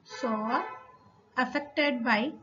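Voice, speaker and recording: A woman's voice: sits high, extremely slow, sharp tone, soft background music. A woman teacher explaining a poem to school children, going carefully through meanings and repeating word lists. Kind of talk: recorded English lesson for school children. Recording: slightly dull, lo-fi recording.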